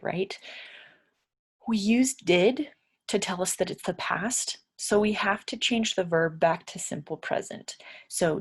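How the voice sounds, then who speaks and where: A woman teaching an English grammar lesson, patiently repeating example sentences and often checking in with "right?". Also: lowish voice.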